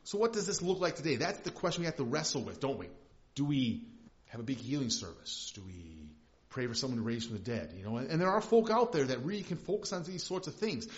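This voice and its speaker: A man's voice: medium pitch, animated, fast. Conversational male pastor preaching. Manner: conversational, emphatic, with frequent restarts. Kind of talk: sermon. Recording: slightly dull lo-fi recording.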